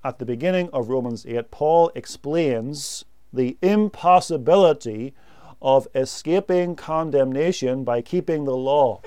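A preacher gives slow, measured doctrinal teaching, driving his points home by repeating key words emphatically. His mid-range voice is warm, dark, and smoothly resonant. The recording is close and dry, with no room sound.

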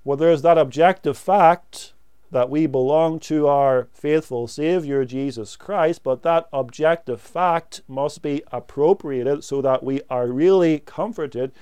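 A man preaching a sermon, slow and emphatic, pressing key words and letting phrases fall away softly. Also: on the high side, clean tone, no room sound.

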